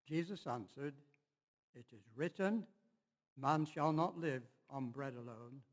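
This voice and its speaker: A man giving a measured, unhurried Bible reading in church. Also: medium pitch, in a large hall. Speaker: scripture reader.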